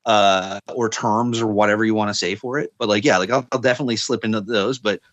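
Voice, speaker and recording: A man's voice: on the low side, fairly even intonation, fast talker, fairly bright tone, dry recording, lo-fi sound. A man with a light Newfoundland accent, talking in casual podcast chat, rambling with lots of fillers and restarts. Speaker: podcast co-host.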